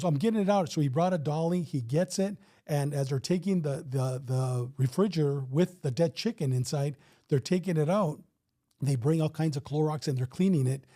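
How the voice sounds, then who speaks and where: A man's voice: a little high, mellow. A man in his fifties, a retired police officer, telling a story in a casual interview and acting out the dialogue with some swearing.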